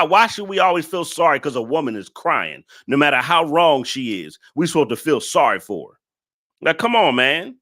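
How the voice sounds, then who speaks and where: Man, reaction stream host, lively swinging pitch, bright tone, exasperated, scolding his chat. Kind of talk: reaction commentary to a clip.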